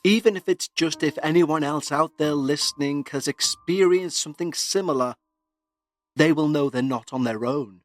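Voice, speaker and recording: An uneasy Scottish woman pours out her worries in an earnest letter, as a man puts on her voice. The put-on Scottish accent is plain, and the voice sits fairly high for a man. Soft music plays underneath. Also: normal speed, lightly acted. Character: anxious Scottish woman writing about a haunted dresser. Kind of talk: dramatic reading of a listener email.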